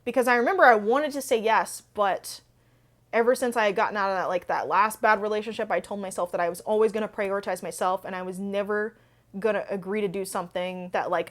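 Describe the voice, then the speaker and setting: Young woman rambling casually on her book channel, lots of "like", mid pitch. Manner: chatty, filler-heavy, rambling. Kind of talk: casual Q&A storytelling.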